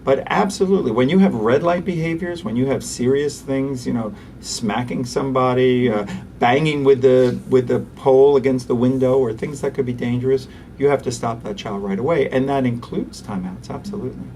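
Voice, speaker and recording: A man, a pediatrician and interview guest, who talks animatedly and acts out quick voices for parents and toddlers. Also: mid-range voice, a little mellow, recorded from a distance, slight background noise. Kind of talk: conversational interview.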